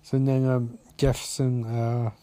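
A man's voice: medium pitch, level tone, unhurried, mellow, dry recording. Sarcastic rambling man recapping TV. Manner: sarcastic, profane, full of restarts and fillers. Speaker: TV episode recapper.

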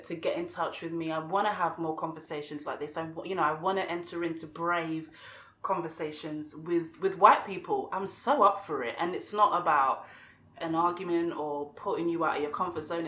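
Guest: woman, passionate, animated delivery, echoey room. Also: lowish voice. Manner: passionate, animated, repeats words when worked up. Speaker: podcast guest, radio show host. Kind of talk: conversational interview. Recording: roomy echo.

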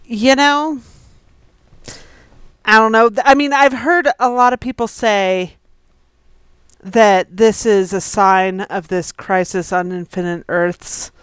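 A woman co-hosts a casual podcast, reading out listener questions and making dry, wry comments. Her voice is smooth and clear, recorded close and dry. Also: medium pitch, steady tone, takes it slowly, pauses often, dry recording. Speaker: podcast co-host.

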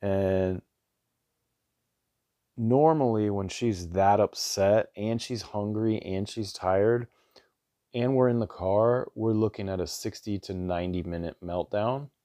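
A man's voice: on the low side, takes it slowly, mellow, no echo, studio quality. A man in his thirties hosting a podcast, telling a family story in an earnest, rambling way with restarts and lots of "like". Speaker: podcast host, father. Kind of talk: casual storytelling monologue.

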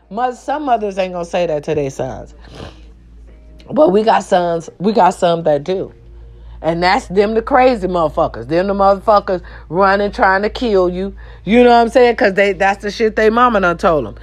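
A woman's voice: mid-range voice, expressive, moderate pace, darkish tone. A woman delivering an impassioned vlog rant. She is blunt and profane, and she repeats her phrases for emphasis. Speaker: vlogger.

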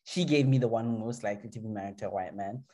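A woman's voice: extremely low pitch, fast talker. A woman co-hosting a casual chat, rambling and restarting her thoughts. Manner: rambling, restarts a lot, animated. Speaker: podcast co-host. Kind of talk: casual chat reviewing a reality show.

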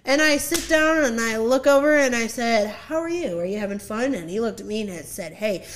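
A young woman telling a story in casual chat, animated and acting out the quotes, laughing often. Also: a little high, brisk, very noisy. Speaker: podcast guest.

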